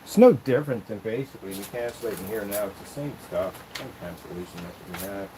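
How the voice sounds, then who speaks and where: Against a noisy background, a man with a fairly low voice talks quickly, ranting in a casual vlog. He makes and sells projection screens, and his delivery is aggrieved, rambling and repetitive.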